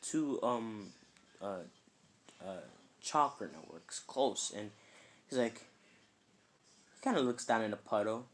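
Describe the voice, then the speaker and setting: A man's voice: fairly low pitch, expressive, slow pace, long pauses. A man casually telling a made-up fan story, rambling and filling it with "kinda" and "like".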